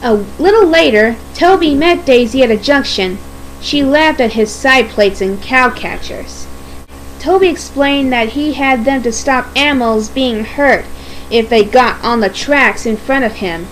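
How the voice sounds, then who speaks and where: A woman narrating a children's storybook aloud with a steady, expressive delivery. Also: a little high, a little slow, slight background noise, low-quality recording. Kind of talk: storybook reading.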